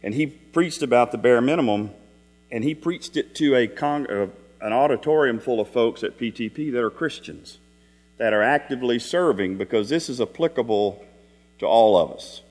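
Middle-aged male preacher, folksy storyteller, mid-pitched voice, long hall reverb and a mains hum behind. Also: lively intonation, normal speed, darkish tone. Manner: folksy storytelling with rhetorical questions. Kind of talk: Sunday evening sermon.

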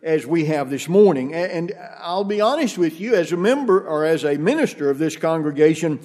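A man preaching a sermon to his congregation as their minister, talking in a measured, deliberate way and posing rhetorical questions. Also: a little high, expressive, darkish tone. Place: church.

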